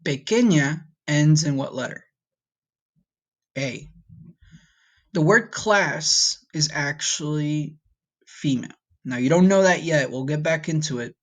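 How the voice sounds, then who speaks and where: Patient man teaching a vocabulary lesson. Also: on the high side. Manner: patient, checks in with "okay?" often; breaks words down and has students repeat. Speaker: Spanish teacher.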